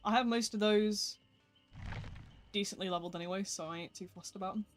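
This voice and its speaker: A streamer chats loosely over a live game session, rambling and poking fun at themself while answering the chat. The voice sits at a mid pitch, and faint game music plays underneath. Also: fairly even intonation, a little fast. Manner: chatty, rambling, self-deprecating, talking to chat. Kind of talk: casual live gameplay commentary.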